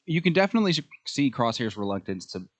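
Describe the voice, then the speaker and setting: A man co-hosting a podcast, chatting casually and excitedly about a show, with many ums. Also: mid-range voice, quick pace. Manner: enthusiastic fan talk with frequent fillers. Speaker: podcast co-host. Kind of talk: casual chat.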